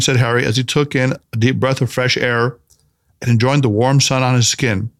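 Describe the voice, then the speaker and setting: A man narrating a story in an audiobook, reading in an expressive storytelling manner. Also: medium pitch, normal speed. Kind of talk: scripted narration.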